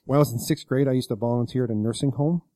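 Fast-talking rambling man, dry mic. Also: medium pitch, dark tone, no echo. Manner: rambling storyteller, self-deprecating, swears casually. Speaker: podcast co-host. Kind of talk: casual podcast chat.

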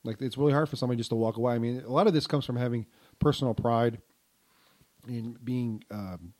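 A man's voice: medium pitch, fast talker, a little mellow. A middle-aged man with a stuffed-up nose co-hosting a casual podcast, rambling, with frequent ums and restarts. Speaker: podcast co-host.

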